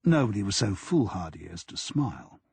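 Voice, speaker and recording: A man's voice: on the low side, sing-song, moderate pace, creaky, a little mellow, slightly rough, dry recording. A man narrating a crime novel as an audiobook in a dry, wry storytelling manner.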